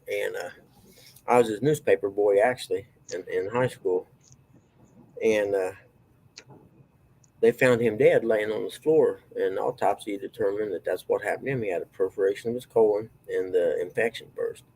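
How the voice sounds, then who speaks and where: Gravelly man, rambling. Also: on the low side, normal speed, a little mellow, poor audio. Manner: rambling, folksy, drawling storyteller. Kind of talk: casual storytelling chat.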